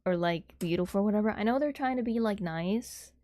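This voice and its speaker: A woman's voice: medium pitch, fairly quick, dark tone. A woman livestreaming, chatting casually with her viewers in a rambling, giggly way, laughing often.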